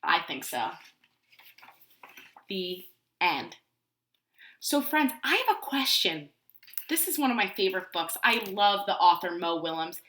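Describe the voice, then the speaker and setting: A woman teaching preschool, reading a picture book aloud to young children in an animated way and asking them questions. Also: on the low side, unhurried, long pauses, a little hiss or hum. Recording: roomy echo.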